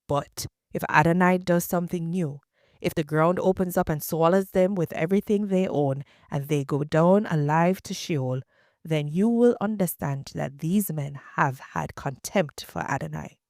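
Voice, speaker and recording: A woman reading the lines of an aging male prophet who gives his people stern, measured commands. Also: deep voice, darkish tone, dry recording, studio quality. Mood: commanding.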